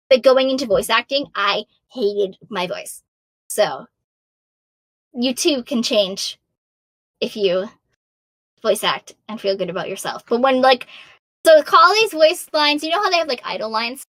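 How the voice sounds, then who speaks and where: A woman in her thirties with a high, very bright voice that is wearing thin from hours of talking. She answers fan questions in a bubbly, self-deprecating, animated way. The recording is dry, with almost no room sound. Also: moderate pace, no echo. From Massachusetts. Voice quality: high-pitched. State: losing her voice. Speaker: voice actor guest. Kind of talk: casual Q&A answers.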